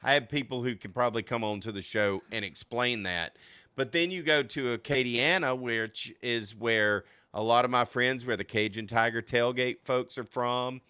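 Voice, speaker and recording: A man from Louisiana hosting a casual podcast chat, excitable, laughing often and tripping over restarts. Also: mid-range voice, normal speed, clear, resonant tone, no echo, studio quality. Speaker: podcast host.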